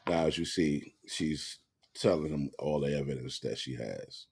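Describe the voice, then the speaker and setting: A man's voice: a bass voice, measured pace, vocal fry, a little mellow, breathy edge. A man giving blunt, profane commentary to camera, rambling with restarts.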